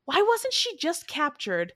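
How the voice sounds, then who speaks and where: A woman's voice: high-pitched, measured pace, no echo. Chatty woman picking apart a movie, laughs a lot, dry close sound. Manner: animated, opinionated, laughs often. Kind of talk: casual movie review chat.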